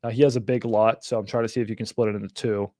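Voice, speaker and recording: A man's voice: on the low side, little pitch movement, very fast, dark tone, no room sound, clean studio sound. A young man hosting a casual livestream, talking bluntly and animatedly, with frequent swearing. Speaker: livestream host.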